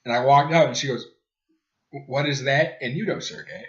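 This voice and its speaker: A man's voice: medium pitch, moderate pace, fairly bright tone. A young man hosting a podcast, telling jokey stories and mocking people he quotes. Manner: joking, storytelling with mocking quoted voices. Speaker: podcast host. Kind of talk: casual chat. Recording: roomy, dull lo-fi home recording.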